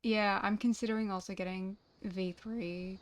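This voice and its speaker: A woman's voice: medium pitch, steady tone. Blunt young woman streaming a game. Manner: blunt, swearing, quick asides. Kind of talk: casual chat while gaming.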